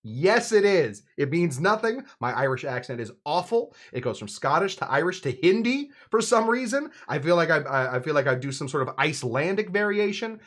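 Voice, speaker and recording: A man's voice: fairly high pitch, sing-song, normal speed, hardly any pauses, a bit bright. A man hosting a live cocktail show in a casual, rambling way, full of fillers and restarts, poking fun at himself. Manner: rambling, self-mocking, with frequent fillers and restarts. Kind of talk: casual live-stream chat.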